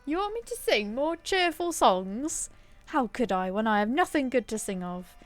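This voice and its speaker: A woman's voice: a little high, very animated, moderate pace, soft background music. A woman reading the lines of a gloomy male minstrel in a fantasy game, in a mournful half-sung recitation. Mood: bitter.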